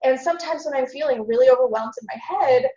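A woman's voice: sits high, fast talker, warm tone, roomy sound, dull audio. A woman guest on a podcast, talking earnestly in a casual interview and acting out her own thoughts, sounding a little sick.

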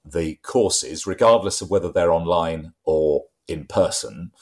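A man, a voice trainer, explaining his craft in a conversational podcast interview with lively, emphatic delivery. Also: a little slow. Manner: lively, emphatic explaining with wide pitch swings.

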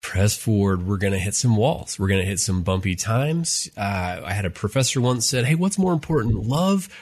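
A middle-aged man with a lowish voice co-hosts a casual podcast about marriage. He speaks earnestly and tells stories, with lots of ums and restarts. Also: normal speed. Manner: earnest, warm storyteller with many fillers. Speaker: co-host, marriage therapist.

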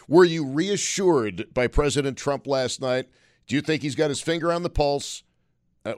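A man's voice: mid-range voice, smooth, no room sound, studio quality. A man hosting a call-in radio talk show, blunt and wry as he takes calls and talks about the news. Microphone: studio microphone.

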